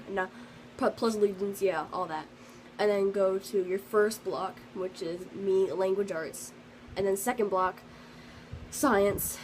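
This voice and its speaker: A teenage girl recounting her day in a casual storytime vlog, rambling along with plenty of fillers, restarts and asides. Her voice sits at an ordinary middle pitch. A faint hiss of background noise sits under the recording. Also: low-quality recording. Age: teens. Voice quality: sensitive, earnest storytelling. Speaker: vlogger.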